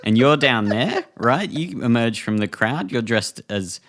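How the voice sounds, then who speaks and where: A man's voice: medium pitch, measured pace. A man, hosting a comedy podcast and telling a silly story in a playful way. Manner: playful, lively, slips into silly put-on voices. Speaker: podcast co-host.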